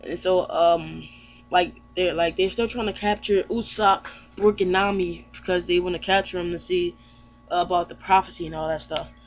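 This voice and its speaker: A man with a high-pitched voice recaps a comic chapter in loose, rambling speech, trailing off and restarting as he goes. He sounds easygoing and unscripted, with a faint hum in the background. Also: fairly even intonation, moderate pace. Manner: rambling, with lots of fillers and restarts. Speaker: anime reviewer.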